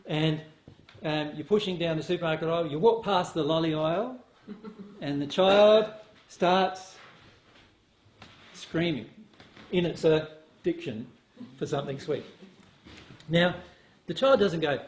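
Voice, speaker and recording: A man's voice: fairly high pitch, a little slow, long pauses. A man speaking as a spiritual teacher to an audience, asking them questions and acting out voices to make his points. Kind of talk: talk to an audience. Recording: echoey room with faint noise.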